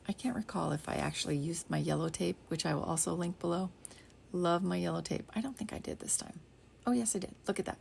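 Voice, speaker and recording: An older woman chatting casually while she demonstrates card making at her craft desk, rambling along and dropping into soft half-whispered asides. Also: on the low side, creaky. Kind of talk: casual crafting tutorial chat.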